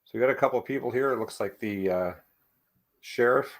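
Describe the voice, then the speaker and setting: A man's voice: mid-range voice, fairly quick. A man hosting a casual comic book breakdown, laid-back and laughing often. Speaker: comic review host.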